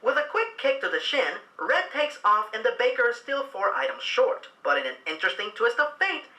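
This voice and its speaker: A man's voice: very high voice, sing-song, a little fast, bright, forceful tone. A man reviewing a film in a sarcastic, exasperated, mocking way, narrating and commenting on scenes. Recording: echoey room with faint background noise.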